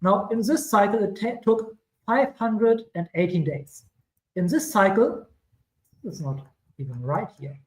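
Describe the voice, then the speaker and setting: A man's voice: high-pitched, lively intonation, measured pace, echoey room, rough recording. A man with a German accent giving casual crypto chart commentary, rambling and correcting himself with chatty asides. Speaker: crypto streamer.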